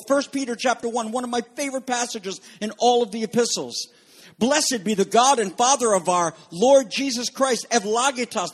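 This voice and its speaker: A man preaching a sermon as pastor, swinging between loud emphatic proclaiming and soft, quiet asides. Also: sits high.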